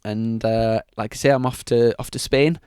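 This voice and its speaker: A young man, chatting on a podcast in a steady, matter-of-fact way. His voice sits at a middling pitch. The recording is close and dry. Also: moderate pace, clear, resonant tone, dry recording. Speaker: podcast co-host. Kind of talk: casual chat.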